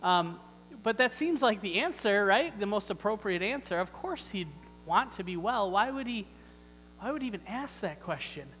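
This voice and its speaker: A man's voice: high voice, expressive, moderate pace, fairly bright tone, big-room sound, faint music behind, low-quality recording. Wry, conversational male preacher. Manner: conversational and wry, with rhetorical questions. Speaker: pastor. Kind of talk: sermon. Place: church sanctuary.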